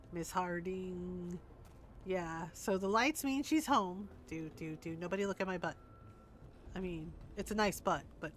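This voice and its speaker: A young adult woman streaming a video game, chatting casually, teasing and laughing often. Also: medium pitch. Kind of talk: casual gameplay commentary.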